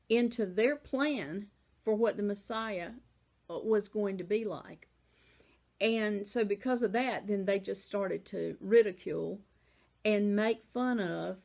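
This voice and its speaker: A woman with a Southern American accent teaches a Bible lesson casually and conversationally, often saying "you know." Her medium-pitched voice is creaky with a darkish tone.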